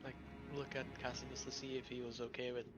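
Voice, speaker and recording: A man playing a tabletop game, speaking hesitantly and softly. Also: medium pitch, completely flat delivery, fast talker, muffled recording, over loud music. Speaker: player. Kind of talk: casual tabletop game talk.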